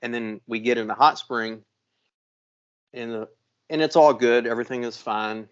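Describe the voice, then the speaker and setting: A man's voice: mid-range voice, moderate pace. Profane storytelling man, lo-fi sound. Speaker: podcast host. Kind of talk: casual storytelling.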